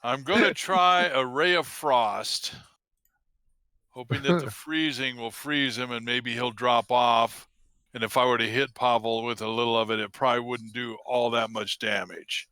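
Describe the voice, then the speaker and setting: Bright-voiced man playing a tabletop game. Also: medium pitch, steady tone, smooth, dry recording. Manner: thinking aloud, slow and tentative. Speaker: player. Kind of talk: casual tabletop play.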